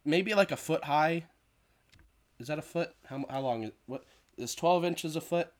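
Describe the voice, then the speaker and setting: A man's voice: fairly high pitch, moderate pace, background noise. Rambling man recapping a movie. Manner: rambling, many fillers and restarts.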